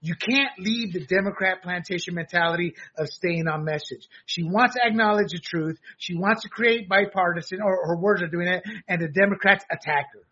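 A man co-hosting a political talk show, animated and sarcastic, often laughing and acting out mocking quotes. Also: sits high, a little fast, few pauses, dull audio. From abroad, a country once under dictators. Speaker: co-host.

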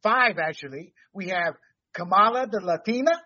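A man's voice: sits high, lively intonation, moderate pace, bright, forceful tone, lo-fi sound. A man hosting a casual talk show, rambling off topic and laughing often. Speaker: podcast host. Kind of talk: casual chat.

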